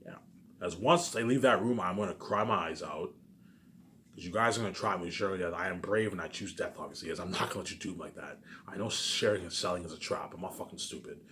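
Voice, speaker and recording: Deep-voiced Canadian man rambling. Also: fast talker, a bit bright, slight background noise. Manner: repetitive, profane, emphatic, keeps saying "obviously". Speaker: vlogger. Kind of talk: rambling solo monologue.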